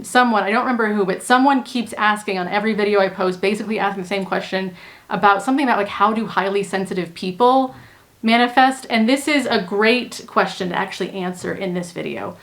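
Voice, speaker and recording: A young woman talking to camera as a manifestation coach, earnest and emphatic, repeating points for stress. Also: mid-range voice. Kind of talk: casual talk to camera.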